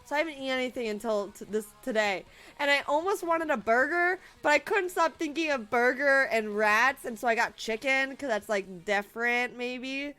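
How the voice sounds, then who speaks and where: Woman, late 20s, high-pitched, rambling, emotional, casual chat to viewers, faint background music. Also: normal speed, bright, forceful tone. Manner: emotional, rambling, laughing through tears. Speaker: streamer.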